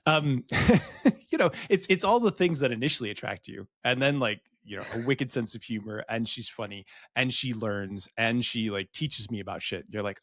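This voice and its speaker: A man's voice: medium pitch, normal speed, a bit bright, no echo, studio quality. A middle-aged man co-hosting a podcast, telling a rambling, self-deprecating story and acting out the dialogue. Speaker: podcast co-host. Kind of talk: candid storytelling.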